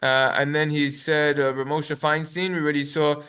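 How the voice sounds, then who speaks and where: A man's voice: fairly high pitch, flat delivery, a bit bright, smooth. A man, a rabbi, gives a halachic lecture, reading sources in Hebrew and translating them with plenty of fillers. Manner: quick, reads sources aloud in Hebrew then translates with many fillers. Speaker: rabbi teaching a class.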